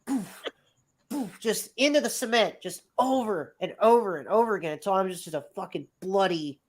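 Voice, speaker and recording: A man's voice: sits high, brisk. A man in his thirties spins a long story in casual chat. He rambles on, circling back and swearing freely as he goes. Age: 30s. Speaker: podcast guest.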